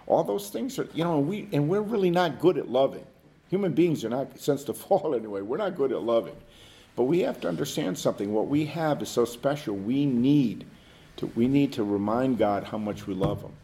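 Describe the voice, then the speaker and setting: A man leading a Bible study in an informal, halting way, asking the group questions. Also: mid-range voice, animated, mellow. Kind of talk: conversational Bible teaching.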